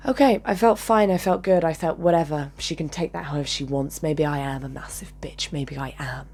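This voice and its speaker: A woman's voice: low voice, brisk, a little hiss or hum. A woman telling a personal story to her channel with intensity, swearing and dropping into whispers. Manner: intense, swings between loud and whispered, swears. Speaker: channel host.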